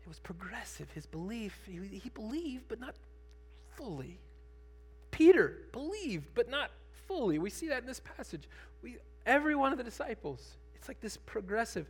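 A man pastor preaching a sermon, conversational at times and building to emphatic, animated preaching. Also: very high voice, moderate pace, husky, faint music behind.

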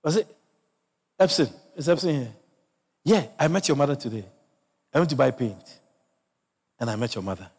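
A male pastor preaching a sermon and telling personal stories, swinging from loud exclamations to low murmurs. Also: big pitch swings, normal speed, long pauses, breathy edge. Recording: long hall reverb.

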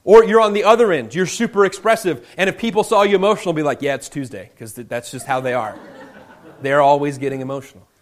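Preaching man, slow dramatic emphasis. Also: on the high side. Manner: expressive preaching, slows for emphasis, drops to a hush on key words; conversational asides with restarts. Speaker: pastor. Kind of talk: sermon.

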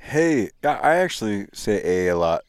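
A man's voice: lowish voice, lively intonation, unhurried, no room sound, clean studio sound. A man hosting a podcast in casual chat, joking and laughing often, recorded outdoors near an airstrip. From United States. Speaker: podcast host.

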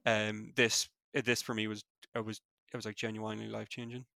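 A young man with a Belfast accent speaks in a flat, gravelly voice, his delivery quick and cluttered with fillers and restarts. The recording is dry and close. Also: fairly low pitch, no room sound. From Northern Ireland. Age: young adult. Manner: fast-talking, many fillers and restarts. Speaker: former student guest. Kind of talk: casual interview chat.

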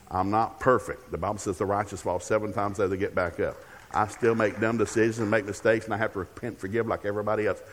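A man's voice: fairly low pitch, big-room sound. An older man preaching as a guest speaker in a church, telling humorous family stories and acting out the dialogue. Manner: humorous storytelling with acted-out dialogue. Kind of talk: sermon. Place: church sanctuary.

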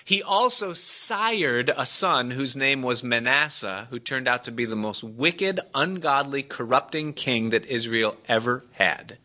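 A man's voice: animated, unhurried, hardly any pauses, bright, forceful tone. A man preaching a sermon to a congregation, acting out the people in the story with dramatic swings in his voice. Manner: dramatic, acts out quoted voices with big pitch jumps. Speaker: pastor.

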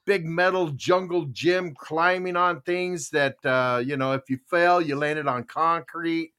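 A middle-aged man from Tucson hosting a podcast in casual chat, telling animated stories and acting out quoted voices. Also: on the high side, a little slow, smooth. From Tucson, Arizona. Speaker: podcast host.

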